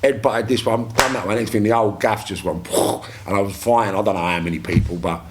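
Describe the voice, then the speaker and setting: Man telling rough stories. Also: fairly low pitch, steady tone, fairly quick, noisy background. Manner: rambling, coarse street slang, many restarts. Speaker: podcast guest. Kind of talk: casual storytelling.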